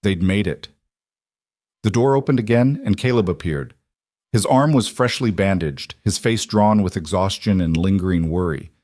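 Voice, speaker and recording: A man narrating a storybook in a steady, measured way. His voice sits lowish. The recording is close and dry. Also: no room sound. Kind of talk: scripted narration.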